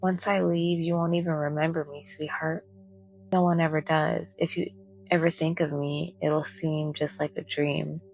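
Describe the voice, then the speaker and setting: A woman reading the lines of a tender, sorrowful male imaginary friend in a soft-spoken bedtime story. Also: sits low, level tone, moderate pace, vocal fry, faint music behind, rough recording. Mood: gentle.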